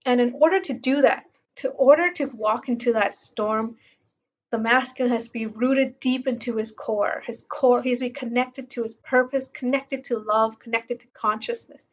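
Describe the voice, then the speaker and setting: Woman with a slightly high voice, reading a book aloud. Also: fairly even intonation, moderate pace, lo-fi sound. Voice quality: casual, with fillers like um and like. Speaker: book reviewer.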